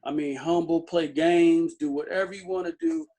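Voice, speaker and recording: A male interview guest with a fairly high voice. He rambles through his stories and fills them with restarts and small fillers. His delivery is casual and easygoing. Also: steady tone, normal speed, warm tone. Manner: loose storytelling, many fillers and restarts.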